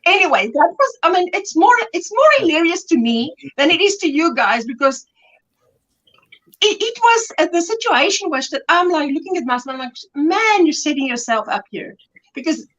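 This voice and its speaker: Woman, South African accent, high voice, lively swinging pitch, chatty host, laughs often. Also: normal speed, highs cut off. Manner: animated storytelling, laughs often. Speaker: livestream host. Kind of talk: casual chat.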